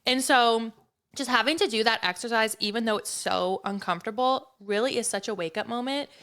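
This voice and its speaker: A woman hosting a podcast, candid and chatty, with casual swearing in relaxed conversation. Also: on the high side, brisk. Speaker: podcast host.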